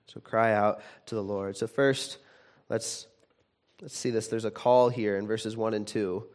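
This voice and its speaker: A man preaching a sermon in a conversational way, with frequent restarts, who grows animated when he retells a story. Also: lowish voice, a little slow. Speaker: pastor.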